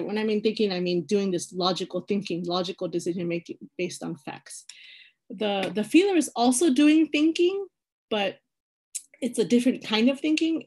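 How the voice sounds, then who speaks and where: A woman's voice: medium pitch, a little mellow. A woman leading an online personality-type workshop over a video call, talking in a chatty, hesitant way with many fillers and restarts.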